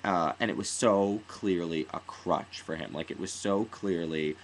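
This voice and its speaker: A man with a notably deep voice talks through an opinionated theater review, rambling and restarting his sentences. He now and then acts out lines in an exaggerated voice. A faint hiss sits under the recording. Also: measured pace, few pauses, rough recording. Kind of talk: casual spoken review.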